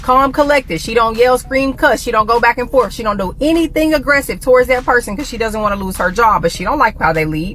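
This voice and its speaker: A woman in a played clip, lecturing on relationships in a rapid, pointed way. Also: on the high side, a bit bright, slight background noise.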